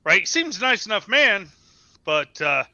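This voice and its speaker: A man's voice: high voice, big pitch swings, measured pace, sharp tone, no room sound. A man playing his character in a tabletop game, wary and stammering. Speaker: player. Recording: dull lo-fi line.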